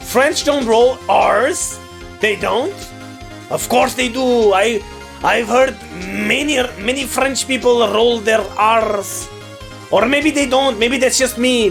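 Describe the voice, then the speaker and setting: A woman's voice: on the high side, a little slow, vocal fry. A woman streamer giving casual, chatty commentary while playing a game. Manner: chatty, giggly. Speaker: gaming streamer. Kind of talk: casual let's-play commentary. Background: game music.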